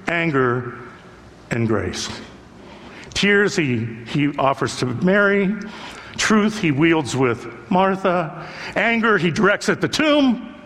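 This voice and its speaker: A man's voice: a little high, fairly bright tone, slight background noise. An older man preaching a sermon as a pastor, earnest and conversational, repeating phrases for emphasis. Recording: long hall reverb.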